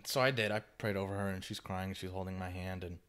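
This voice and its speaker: A young man hosting a podcast, his voice sitting fairly low but coming across bright and forceful. He tells his story in casual chat, swinging between animated bursts and hushed asides. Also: quick pace. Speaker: podcast host.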